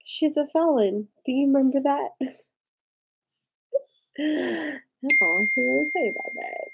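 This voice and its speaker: A woman's voice: high voice, a little slow, gravelly, a bit bright, rough recording. A drunk woman in her forties hosting a casual live stream, rambling, giggling and reacting to viewer comments.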